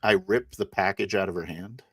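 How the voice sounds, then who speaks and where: A man playing a tabletop game, describing his character's moves haltingly. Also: sits low, breathy edge, no echo, studio quality. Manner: hesitant, halting, many uhs. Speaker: player.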